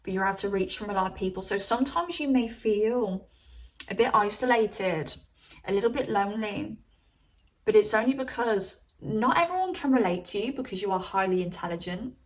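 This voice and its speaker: A woman's voice: medium pitch, normal speed, recorded from a distance, poor audio. A woman giving a casual tarot reading, chatty and rambling, cursing casually and calling her viewers babes. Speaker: tarot reader.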